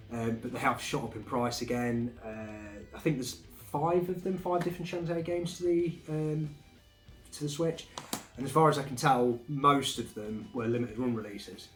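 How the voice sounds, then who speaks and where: A man chatting casually about his game finds, relaxed and rambling with fillers. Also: medium pitch. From England. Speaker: game collecting vlogger. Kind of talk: casual chat. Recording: echoey room, faint music behind.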